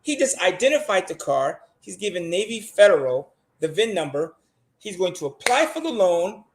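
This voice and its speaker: A man's voice: sits high, very animated, normal speed, echoey room, slight background noise. A man giving casual credit advice as a guest, talking bluntly, emphatically and with plenty of cursing.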